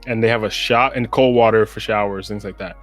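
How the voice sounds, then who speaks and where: An American man co-hosts a casual sports podcast in a low, relaxed voice. He rambles through his points and drops "bro" often. Faint music plays in the background. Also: a little fast. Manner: rambling, laid-back, lots of "bro". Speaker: podcast co-host.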